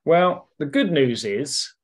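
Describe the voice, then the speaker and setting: A man's voice: on the high side, very animated, slow, husky. Rambling, hesitant man chatting football. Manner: hesitant, rambling, lots of ums and restarts. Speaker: podcast co-host. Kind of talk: casual football podcast chat.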